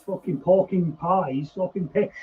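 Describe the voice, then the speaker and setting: A man with a notably high voice trades foul-mouthed, blunt banter in a relaxed live chat. His sound comes through dull and lo-fi, with a faint hiss of noise behind it. He talks like a regular at the bar, teasing the others. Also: a little slow. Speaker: regular co-host. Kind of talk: casual pub-style live chat.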